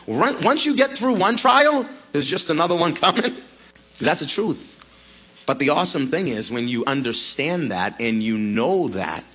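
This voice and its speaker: A man pastor preaching an animated radio sermon, retelling scripture in lively paraphrase. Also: mid-range voice, breathy edge, poor audio.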